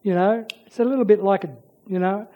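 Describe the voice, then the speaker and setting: A preacher giving a sermon, swinging between loud urging and hushed near-whispers. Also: medium pitch, fairly even intonation, a little fast, phone-quality sound.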